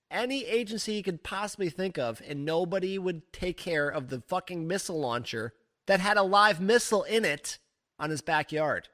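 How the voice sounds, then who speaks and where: A man's voice: on the high side, a bit bright. A man hosting a comedy podcast, reading odd news stories in a crude, rambling, offhand way. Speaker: podcast host.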